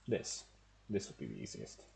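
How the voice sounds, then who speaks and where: A low-voiced man with a gravelly, fry-heavy edge, talking through his game in a loose, swearing, joking ramble. His pitch swings widely, and his tone sits dark and mellow over faint background noise. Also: big pitch swings, moderate pace. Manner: wry, profane, rambling asides. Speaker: streamer. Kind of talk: casual gameplay commentary.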